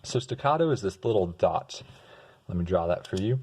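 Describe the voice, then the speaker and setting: Relaxed young male tutor with a somewhat low voice, hums examples while explaining. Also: moderate pace, slightly rough. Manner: relaxed, sings example notes and restarts words. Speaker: music tutor. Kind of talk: casual explanatory lesson.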